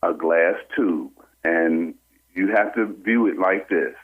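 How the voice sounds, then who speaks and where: A man calling in to a radio show, telling a personal story in an animated way and acting out what other people said. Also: deep voice, slow pace. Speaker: caller. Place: on a phone call into a radio show. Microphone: telephone. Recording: tinny phone line.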